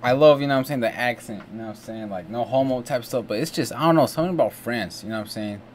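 A fast-talking young American at medium pitch reacts to a video, with slight background noise in the recording. His casual commentary is packed with exclamations and slang, especially "bro" and "you know what I'm saying," over faint music from the video.

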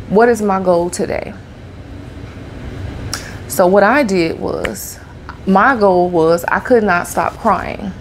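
Heartfelt woman vlogger with some vocal fry; casual, repetitive, talks straight to camera. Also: mid-range voice, slight background noise. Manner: heartfelt, conversational, repeats phrases. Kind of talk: personal talk to camera.

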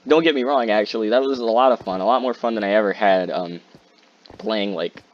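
Excitable man commentating gameplay, lo-fi mic. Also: on the low side, a little fast. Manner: excitable, repeats phrases in bursts. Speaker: gaming YouTuber. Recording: muffled lo-fi mic with faint hiss.

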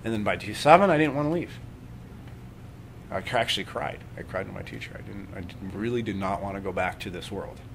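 A man leading a live workshop on breathing and meditation, talking calmly and conversationally and often checking in with his listeners. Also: fairly low pitch, fairly quick, vocal fry, noisy background. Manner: calm, conversational, checks in with "right?".

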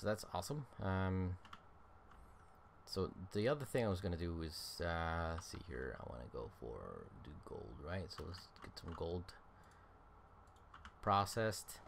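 Man, very low voice, tired, rambling gameplay commentary, faint keyboard clicks behind. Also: a little hiss or hum. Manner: rambling, thinking aloud with many fillers. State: tired, yawning. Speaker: game streamer. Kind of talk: casual let's-play commentary.

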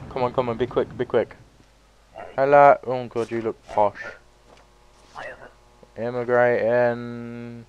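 Man, let's play commentary, sweary, excitable, slow-talking. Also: mid-range voice, lo-fi sound, slight background noise. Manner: sweary, excitable, bursts into loud yelps. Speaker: gaming YouTuber.

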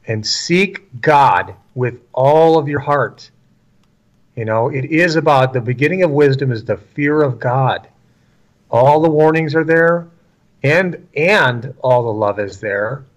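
A man co-hosting a religious talk show, speaking in a measured, affirming way. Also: medium pitch.

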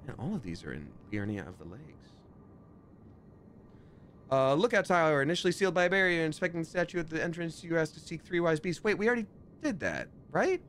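A man casually commenting while playing a game on a live stream, chatty and jokey, reading out viewer donations. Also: fairly high pitch. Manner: animated, jumps between mumbling and excited.

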